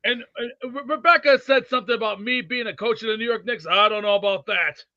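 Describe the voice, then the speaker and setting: A man playing a cranky, blustery older male sports fan who rambles and rants excitably. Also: extremely high pitch, fairly quick, dry recording, heavily acted. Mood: ranting. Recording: dull dry lo-fi sound.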